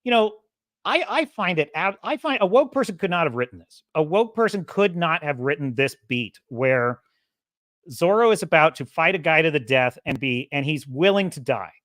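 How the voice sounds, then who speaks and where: Lady podcast host going off on a sarcastic rant, low-ish voice, swings all over, dry close sound. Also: normal speed, dry recording. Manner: sarcastic, laughs often, mimics characters; animated, swings loud and soft. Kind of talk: casual opinionated rant.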